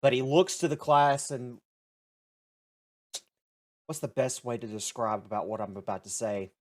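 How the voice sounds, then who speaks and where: A man in a middle pitch runs a tabletop role-play session as game master. He explains the scene at a measured, deliberate pace.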